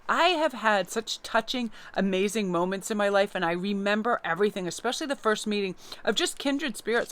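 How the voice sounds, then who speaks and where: A woman tarot reader giving a casual, chatty inspirational talk, telling stories with lots of fillers. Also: mid-range voice. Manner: chatty, warm storytelling with many fillers.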